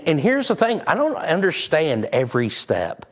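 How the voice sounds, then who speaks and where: A man's voice: on the high side, wildly swooping pitch, normal speed, few pauses. A man preaching a sermon, talking candidly and conversationally. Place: church sanctuary.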